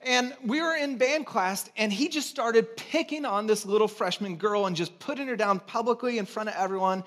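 A man's voice: high voice, moderate pace, fairly bright tone. A man in his thirties from California, preaching a sermon as a pastor in a conversational storytelling way with self-mocking humor.

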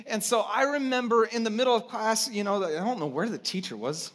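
A pastor in his thirties from California preaches a sermon in a conversational storytelling style, using self-mocking humor. His voice sits high, brisk and a bit bright.

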